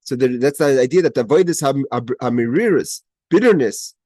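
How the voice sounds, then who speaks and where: A man's voice: mid-range voice, lively intonation, fairly quick, dark tone, dry recording. Man teaching a text over a video call. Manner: mixes Hebrew quotes with English explanation, frequent restarts; grows emphatic at key points. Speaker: teacher leading a Torah study class. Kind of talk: explaining a Hebrew text line by line.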